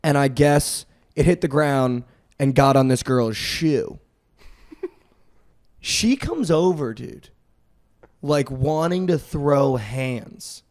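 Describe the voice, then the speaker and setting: A young man telling a rambling party story on a podcast, peppering every phrase with "like". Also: medium pitch. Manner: rambling, heavy use of "like", quick swings in loudness. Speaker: podcast host. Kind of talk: casual storytelling chat.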